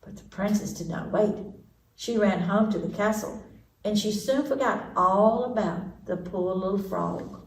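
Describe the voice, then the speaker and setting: Animated woman reading a storybook aloud. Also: medium pitch, measured pace, slight background noise. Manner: animated, lively read-aloud with sound effects. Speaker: library storytime reader. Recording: echoey room, distant mic.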